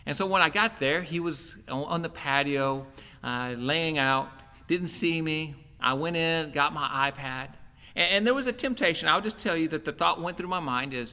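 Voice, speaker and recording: A pastor preaches to his congregation, and his bright, forward voice carries through the church. His delivery is earnest and conversational, like someone telling a personal story. Long reverb from the worship hall trails behind each phrase. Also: a little high, moderate pace, clean tone. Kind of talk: sermon.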